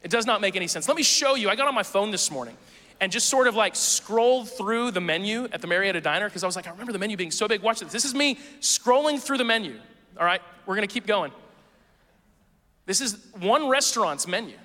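A man preaching a sermon as pastor, conversational and playful, with quick asides to the congregation. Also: sits high, lively intonation, bright, forceful tone. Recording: long hall reverb.

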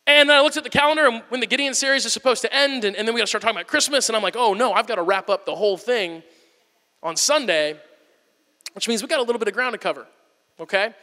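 A large hall's lengthy reverb surrounds this pastor, a man in his thirties, as he preaches. His very high, bright voice is strong and quick, and he animates his stories by acting them out, whisper-yelling included.

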